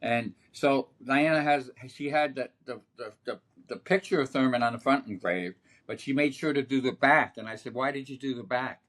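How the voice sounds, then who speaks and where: An older man tells long, rambling stories as a podcast guest. He speaks at a middling pitch and grows animated, often restarting his sentences. The recording is a plain podcast setup. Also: normal speed. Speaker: sportswriter guest. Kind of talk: anecdotal podcast conversation.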